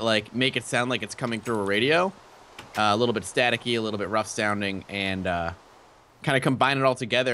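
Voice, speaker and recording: A man co-hosting a let's play, talking in an easygoing, chatty way with quick laughs. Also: fairly low pitch, fairly bright tone, a little hiss or hum. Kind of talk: casual gaming chat.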